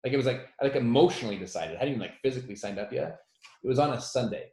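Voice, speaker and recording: A man in his thirties speaks at a middle pitch, talking as a motivational speaker. He tells a personal story in an animated, self-deprecating way and acts out the quotes loudly. The room around him is echoey. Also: very fast. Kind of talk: storytelling talk.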